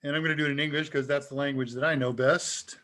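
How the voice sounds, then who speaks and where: A man hosting a live tech Q&A, talking casually and chuckling as he demonstrates software. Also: a little high, fairly even intonation, quick pace. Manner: casual and upbeat, chuckles often. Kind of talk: live demo talk.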